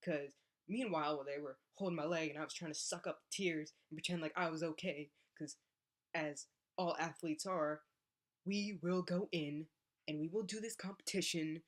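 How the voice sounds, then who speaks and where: Young woman, low voice, casual vlog storytelling, animated, acts out voices. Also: moderate pace. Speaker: college athlete.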